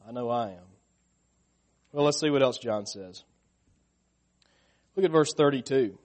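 A middle-aged man delivers a sermon at an unhurried pace, posing questions to his listeners. When he stresses a point, his voice grows louder and higher.

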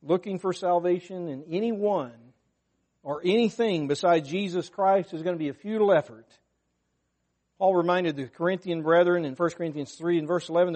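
A man preaching a sermon to his congregation, earnest and emphatic, rising in force when he quotes scripture. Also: high-pitched. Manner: unscripted, talks to the congregation.

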